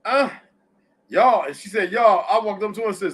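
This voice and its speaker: A man's voice: high voice, lively intonation, moderate pace, slightly rough. A middle-aged man hosting a casual live audio chat, blunt and profane as he tells stories. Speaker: host.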